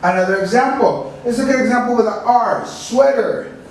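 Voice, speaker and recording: A man teaching a pronunciation lesson, speaking slowly and carefully and repeating each word for practice. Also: very high-pitched, a little hiss or hum. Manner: slow, careful, repeats words for drilling. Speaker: English teacher. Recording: echoey room, mic at a distance.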